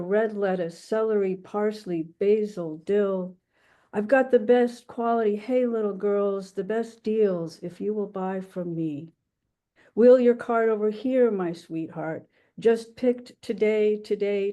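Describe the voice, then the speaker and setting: At a poetry reading, a woman reads her own poem aloud in a warm, mid-range voice. She halts through the introduction, then lilts during the recitation.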